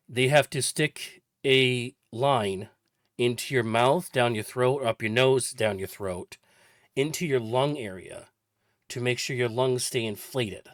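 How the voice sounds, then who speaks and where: A man's voice: mid-range voice, no echo, clean studio sound. A man in his forties casually recounting a personal story for a vlog, chatty and rambling with lots of detail. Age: 40s. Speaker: vlogger.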